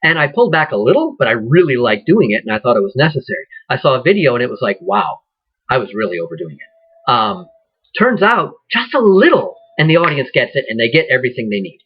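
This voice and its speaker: A man teaching acting, speaking in a conversational, rambling way with many ums and restarts, his voice husky. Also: mid-range voice, very animated, fast, muffled recording. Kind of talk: informal lecture.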